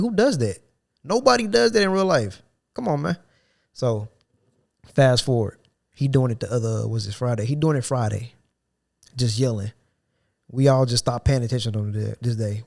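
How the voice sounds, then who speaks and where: A man's voice: mid-range voice, mellow. Slangy young man telling a work story. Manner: loose, slang-heavy, acts out coworkers' lines. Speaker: podcast host. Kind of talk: casual storytelling chat.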